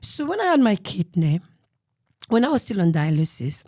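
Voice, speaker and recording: A woman with a Cameroonian accent telling her life story as an interview guest, earnest and emotional, often dropping to a soft murmur. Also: medium pitch, sing-song, moderate pace, dry recording, clean studio sound.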